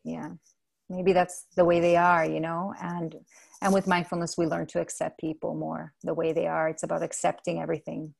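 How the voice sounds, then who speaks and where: A woman with a low, gravelly voice, a native Spanish speaker talking in English. She speaks gently and thoughtfully, often stopping to correct herself, in a relaxed interview over a video call. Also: moderate pace. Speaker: guest, mindfulness mentor. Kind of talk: casual interview chat.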